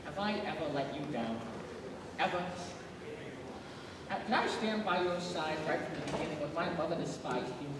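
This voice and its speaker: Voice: mid-range voice, normal speed, long pauses, close to an everyday voice. A student actor playing a bossy, sarcastic older married man who works as a caterer, in a live stage play. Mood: reassuring. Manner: bickering, blustery, sarcastic. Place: school auditorium stage. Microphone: distant stage pickup. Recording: echoey hall from far off, noisy.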